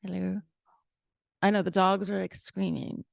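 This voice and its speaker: Woman podcast host, heavy vocal fry, short reactions and questions. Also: medium pitch, flat delivery, unhurried, dry recording, clean studio sound. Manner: brief warm reactions and interview questions. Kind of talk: casual chat.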